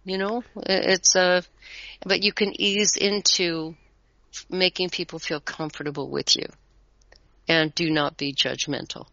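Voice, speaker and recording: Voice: mid-range voice, steady tone, unhurried, gravelly, pushed and bright, no echo, dull audio. A tarot reader talking as a guest in a casual conversation, rambling a little and chuckling often.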